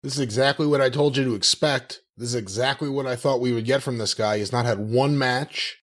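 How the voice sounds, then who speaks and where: A man's voice: medium pitch, fairly even intonation, fairly quick, a bit bright. A man co-hosting a podcast, chatting casually and critically in a wry way. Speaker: podcast co-host. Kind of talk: casual chat.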